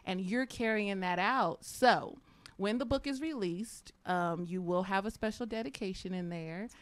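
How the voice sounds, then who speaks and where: A woman author speaking as a guest on a radio show, heartfelt and halting, with many fillers as she holds back tears. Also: medium pitch. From United States. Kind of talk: emotional radio interview.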